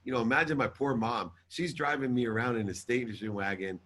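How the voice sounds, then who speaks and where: A man, a guest in an interview, telling an emotional personal story in an animated, emphatic way. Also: mid-range voice, fairly quick. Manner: animated, emphatic, swears casually. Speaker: guest entrepreneur.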